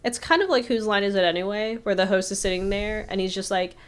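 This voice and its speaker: Animated woman podcaster telling stories. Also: medium pitch, fast, clear, resonant tone. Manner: animated storyteller acting out quotes. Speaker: podcast co-host. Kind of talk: casual chat.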